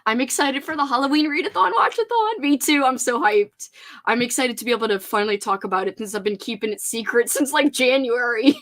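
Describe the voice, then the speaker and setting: A young woman hosting a casual livestream, chatting warmly and reading viewer comments aloud. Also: fairly high pitch, a little fast. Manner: bubbly, chatty, talks baby-talk to her dog. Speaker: livestream host.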